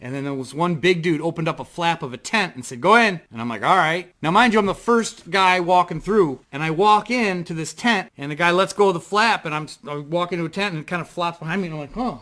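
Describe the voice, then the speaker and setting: A man with a bright, forceful voice sitting pitched a touch high for a guy. He rambles through his story with plenty of fillers and casual swearing, excited and loose, talking to camera from his desk at home. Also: fast, hardly any pauses. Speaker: vlogger. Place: home desk in front of a computer.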